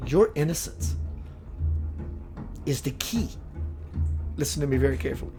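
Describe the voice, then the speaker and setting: A man hosting a live-streamed spiritual talk, greeting viewers, reading their comments and shifting into slow, preachy passages. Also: a little high, expressive, dark tone, soft background music. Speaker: spiritual livestream host.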